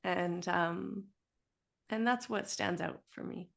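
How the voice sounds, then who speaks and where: This woman talks in a low, gravelly voice and fills her stories with easy chatter and fillers. She laughs often as she shares warm personal memories in a casual way. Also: takes it slowly. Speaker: yoga teacher sharing memories of her teacher. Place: yoga studio, indoors.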